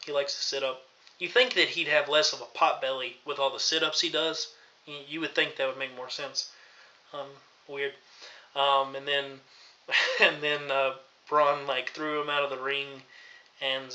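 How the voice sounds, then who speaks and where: A man's voice: a little high, bright, forceful tone. A man recapping a wrestling show in an exasperated, rambling rant full of fillers. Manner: exasperated ranting, filler-heavy. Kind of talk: ranting recap vlog. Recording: dull lo-fi recording.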